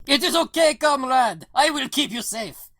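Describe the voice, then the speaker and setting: Brief: woman as a Russian truck driver, shouty, eager, protective, higher than her own voice. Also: normal speed. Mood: excited shouting. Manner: shouting, excitable, calls everyone comrade.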